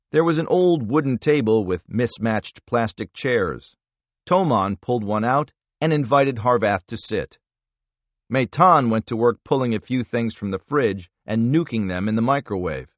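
A man narrating a thriller audiobook in a measured, expressive storytelling manner. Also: mid-range voice, no echo. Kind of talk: scripted narration.

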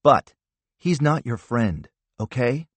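A man voicing a poised, brisk woman chief of staff in an audiobook, in a knowing tone. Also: medium pitch, lively intonation, slightly rough, no room sound.

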